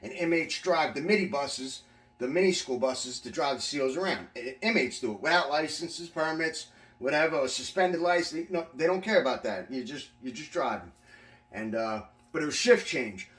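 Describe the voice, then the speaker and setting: A man's voice: fairly high pitch, expressive, normal speed, fairly bright tone, far from the mic. A man casually recounting his prison time, swearing freely and rambling with restarts. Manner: profane, rambling with frequent restarts. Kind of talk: casual storytelling. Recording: echoey room, voice from away from mic.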